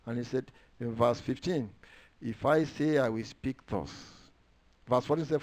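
Emphatic male preacher swinging loud and soft. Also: unhurried. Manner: emphatic preaching, swinging between soft low asides and loud raised declarations; reads and quotes scripture aloud, drawing out words for stress. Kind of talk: sermon.

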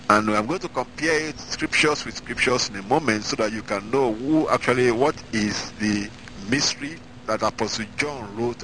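A man preaching as an evangelist, reading scripture slowly and with emphasis, then explaining it. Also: medium pitch, pushed and bright, a little hiss or hum, poor audio. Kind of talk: Bible-reading sermon.

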